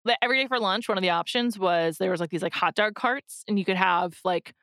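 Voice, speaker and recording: A podcast co-host in New York chats casually, her mid-range voice bright and forward. She talks in bursts packed with "like" fillers and quick restarts. The recording is dry and close, with no room sound.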